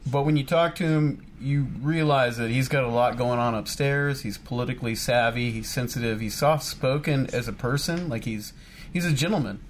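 A man's voice: medium pitch, moderate pace, a little hiss or hum. Easygoing man in a casual chat. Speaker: podcast co-host.

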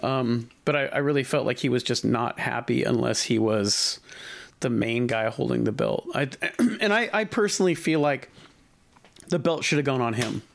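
A man hosts a relaxed podcast conversation, thinking aloud as he talks. He circles back on his words, restarts sentences and leans on fillers as he works through his point. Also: mid-range voice, normal speed, vocal fry. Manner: rambling, many restarts and fillers. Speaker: podcast host. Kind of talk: casual chat.

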